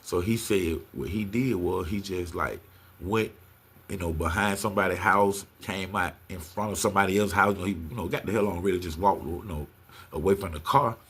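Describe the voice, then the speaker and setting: A man's voice: fairly quick, slightly rough. A middle-aged man telling a story in casual talk, acting out the quoted lines in a raised voice. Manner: animated, acts out quotes in a higher voice.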